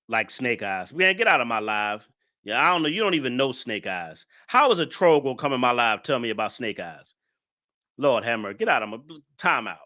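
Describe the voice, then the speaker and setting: Guy hosting a live reaction stream, super bright voice, goes up and down a lot, teasing his chat. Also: mid-range voice, big pitch swings, moderate pace. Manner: mocking, laughs often, talks to chat.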